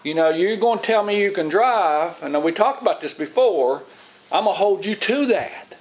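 A middle-aged man preaching an informal Bible lesson in a slightly higher-pitched voice. He rambles, restarts his sentences and repeats words, and he often acts out other people's lines as he goes. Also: animated, moderate pace, poor audio. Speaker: lay preacher, Bible teacher. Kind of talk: informal sermon.

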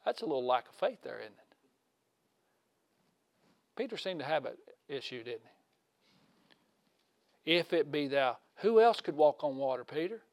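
High-voiced folksy man preaching. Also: big pitch swings, moderate pace, gravelly, long pauses, no room sound. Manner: folksy, asks the listeners questions, swings from loud to hushed. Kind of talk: conversational sermon.

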